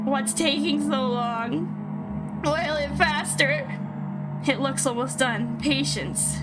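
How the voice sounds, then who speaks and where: A woman streamer reading a horror visual novel aloud and reacting with startled outbursts. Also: on the high side. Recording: game music behind.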